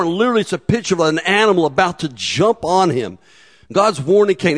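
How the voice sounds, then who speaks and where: A man preaching a sermon in a relaxed, conversational way, with humor and acted asides. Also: high-pitched, brisk. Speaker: pastor.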